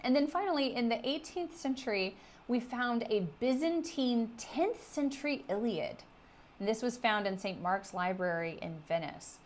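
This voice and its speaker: A middle-aged woman giving a recorded literature lecture, explaining terms with steady emphasis on key words. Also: on the high side, normal speed, a little hiss or hum.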